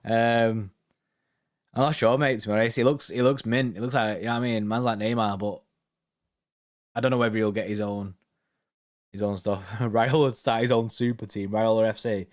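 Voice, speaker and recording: His pitch is fairly low and his intonation fairly even; he talks at normal speed and pauses often. The young man is a host reading viewer comments on a casual live stream, chatting loosely, rambling and frequently saying "do you know what I mean".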